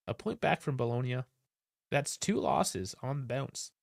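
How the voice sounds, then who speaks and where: A man's voice: mid-range voice, lively intonation, unhurried, gravelly, no room sound, clean studio sound. A man hosting a live football stream, talking in a casual, frustrated and sarcastic way, with plenty of swearing. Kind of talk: casual live-stream post-match rant.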